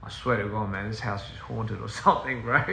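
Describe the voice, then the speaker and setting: A man with a gravelly, bright voice chats loosely on a livestream, drifting off topic and laughing at himself. He is recorded on a phone in a roomy, echoey house with a faint hiss behind him. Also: lowish voice, steady tone, fairly quick. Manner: rambling, easily sidetracked, laughs often. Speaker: touring musician on a livestream. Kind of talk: casual livestream chat. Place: inside a house.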